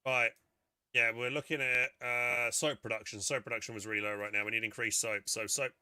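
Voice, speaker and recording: A man's voice: medium pitch, fairly even intonation, a little fast, sharp tone, clean tone, no echo, clean studio sound. A man casually commenting on his gameplay while streaming, muttering and swearing now and then. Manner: chatty, muttering to himself, swears.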